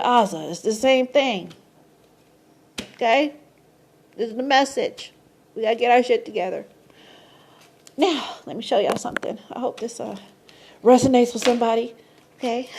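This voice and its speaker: A woman explaining a number and letter method in a casual monologue, excitable and slangy, who swears, laughs often and keeps asking "okay?". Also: gravelly, slight background noise. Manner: rises to high squeals of surprise. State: tired, sleepy at times. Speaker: numerology vlogger.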